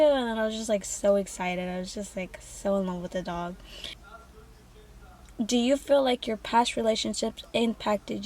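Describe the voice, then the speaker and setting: A woman's voice: medium pitch, a little mellow. A young woman in a casual vlog, talking candidly and profanely with many fillers. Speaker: vlogger. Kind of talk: casual get-to-know-me vlog.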